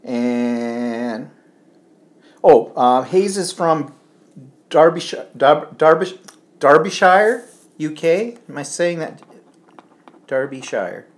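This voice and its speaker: A man's voice: fairly high pitch, slow, a little mellow. Chatty man hosting a live stream. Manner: chatty, rambling, stumbles over names. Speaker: livestream co-host. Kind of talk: casual chat reading viewer comments.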